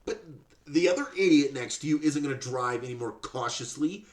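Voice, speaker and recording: Male podcast host, sarcastic profane rant, animated voice, roomy echo. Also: on the high side, moderate pace. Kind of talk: ranting commentary.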